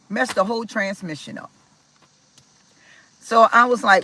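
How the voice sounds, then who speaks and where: A woman from Maryland telling a personal story to her viewers in a casual, animated way, acting out what people said. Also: mid-range voice, takes it slowly, pauses often, poor audio. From Maryland, USA. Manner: animated, talks to viewers directly, acts out quoted dialogue. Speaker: spiritual vlogger.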